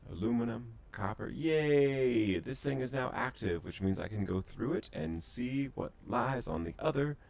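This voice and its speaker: A man's voice: medium pitch, lively intonation, moderate pace, creaky, hardly any pauses. A man streaming a space game, talking casually and bluntly while he plays, swearing now and then. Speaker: gaming streamer. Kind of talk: casual gameplay commentary.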